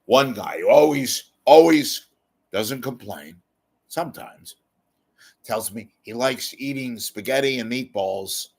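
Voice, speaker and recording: A man's voice: mid-range voice, expressive, slow, gravelly, darkish tone. A man hosting a show, rambling and kvetching in a self-mocking way while he appeals for donations and reads comments. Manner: reads viewer comments aloud. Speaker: show host. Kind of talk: casual monologue with a donation appeal.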